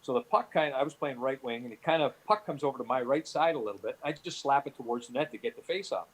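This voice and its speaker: A middle-aged man from Canada recalls his playing days in a loose, rambling way. His voice sits at an ordinary pitch, and his stories keep restarting, padded with "you know" fillers. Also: fast talker, slightly rough, rough recording. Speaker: guest, former hockey player. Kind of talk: storytelling interview answers.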